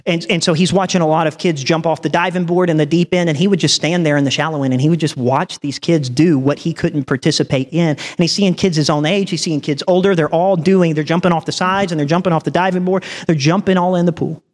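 A man preaching a sermon as an animated storyteller who acts out the dialogue in his story. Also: a little high, quick pace, hardly any pauses, long reverb tail.

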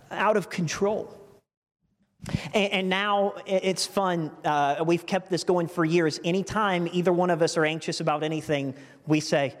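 A man preaching a sermon with earnest, emotional storytelling, often restarting his phrases. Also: sits high. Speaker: pastor. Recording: long reverb from a large hall.

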